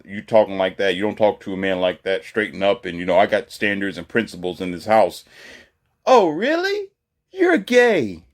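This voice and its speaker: A man co-hosting a casual commentary chat, animated and often mocking others. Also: a little fast, hardly any pauses. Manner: animated, slips into mocking high voices. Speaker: podcast co-host.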